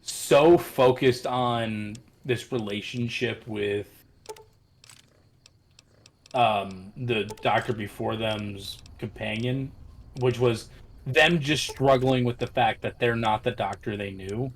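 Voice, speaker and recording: A man's voice: medium pitch, takes it slowly. A man chatting casually on a gaming stream, rambling and teasing. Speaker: streamer co-host.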